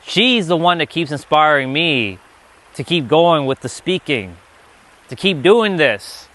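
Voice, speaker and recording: A man's voice: on the high side, expressive, a little slow, fairly bright tone. Emphatic, swearing motivational male streamer. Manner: profane, emphatic, repeats himself. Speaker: livestream speaker. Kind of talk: motivational livestream talk.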